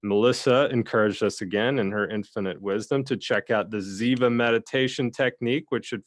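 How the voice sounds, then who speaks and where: A man's voice: lowish voice, a little fast. A man co-hosting a casual chat show, talking at length in a rambling, self-aware way. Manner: rambling, talkative, self-described blabbermouth. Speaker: podcast co-host.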